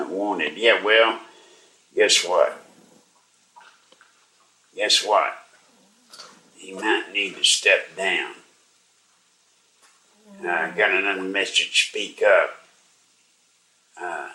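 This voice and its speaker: An older man hosting a talk radio show, sounding weak and unwell as he slowly urges and pleads with listeners. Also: low-pitched, sharp tone, reverberant, far from the mic, poor audio. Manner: slow, strained, pleading and urging listeners to act. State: weak and unwell, struggling to speak. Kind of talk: live talk radio monologue.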